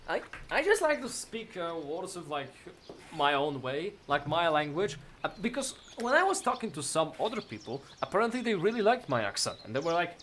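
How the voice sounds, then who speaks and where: Lively rambling gamer man with hard R. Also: on the high side, normal speed, slight background noise. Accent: noticeable foreign accent with hard R. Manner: rambling, self-mocking, swears casually. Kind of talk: casual let's-play chat and reading game text aloud.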